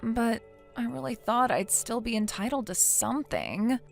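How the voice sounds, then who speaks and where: A woman voicing a defensive, self-pitying young wife in a text story, in a somewhat high voice. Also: big pitch swings, moderate pace, gravelly, soft background music. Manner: whiny, defensive.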